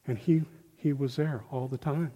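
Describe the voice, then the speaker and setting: Animated man preaching in a reverberant hall. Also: medium pitch, normal speed. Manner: animated, folksy, acts out quotes. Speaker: lay preacher. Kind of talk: informal sermon. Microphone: handheld microphone.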